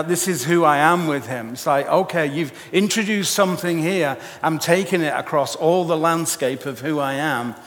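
A man preaching a sermon in an animated storytelling way, with jokey asides. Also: sits high. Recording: echoey hall reverb.

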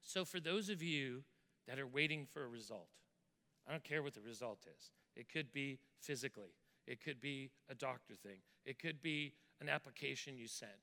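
The sermon, with testimony and prayer, comes from a pastor with an animated, sharp-toned voice of medium pitch at normal speed. He tells a church member's story in an earnest way, repeating words when moved, and ends by praying over the congregation; the hall sound is reverberant.

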